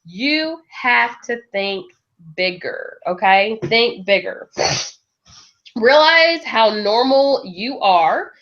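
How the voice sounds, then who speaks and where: Lively woman coaching a sales team. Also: fairly high pitch, drawn-out words. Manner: lively, laughs often, acts out quoted voices. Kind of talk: motivational team talk. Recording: dull lo-fi recording.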